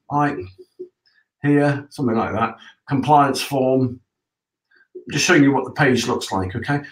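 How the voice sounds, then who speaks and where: A septic tank business owner with a fairly high voice hosts a casual live broadcast, explaining things step by step in a chatty way and checking in with listeners. The audio is reverberant and low quality.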